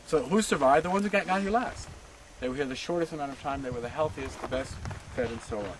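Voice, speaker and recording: Outdoors at a memorial site, a history teacher gives a passionate guided tour talk, often asking listeners rhetorical questions. His voice is a little high and he talks fast over a noisy background.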